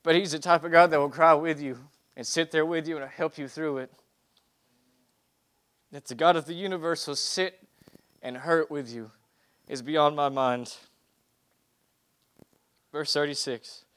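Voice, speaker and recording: A man's voice: on the high side, steady tone, a little slow, pauses often, a bit bright. A young man giving a heartfelt sermon, reading scripture aloud and speaking earnestly, often restarting his phrases. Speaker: preacher.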